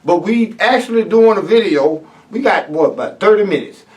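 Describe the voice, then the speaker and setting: A man's voice: high-pitched, normal speed, distant mic. A man hosting his own talk radio show, ranting loosely with asides to his listeners, recorded on a live stream. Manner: loose, animated rant with asides to the audience. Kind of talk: opinionated talk-radio commentary. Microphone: filmed by a relative for a live stream.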